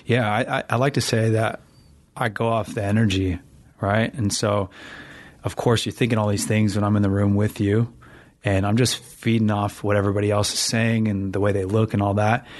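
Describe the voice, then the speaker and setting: Low-voiced man telling a story. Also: flat delivery, moderate pace. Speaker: new father, co-host. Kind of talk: casual chat with partner.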